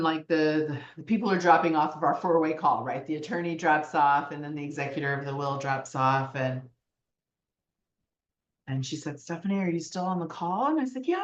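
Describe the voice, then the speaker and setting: A woman co-hosting a casual podcast chat, talking through a story with frequent pauses. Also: deep voice, roomy sound, muffled recording. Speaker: podcast co-host.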